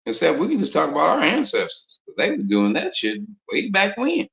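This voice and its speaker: A man with a rather high voice preaches informally in street slang, his pitch swooping wildly as he fires off rhetorical questions at a brisk clip. His tone is a bit bright with some vocal fry, and the muffled lo-fi recording has a roomy echo.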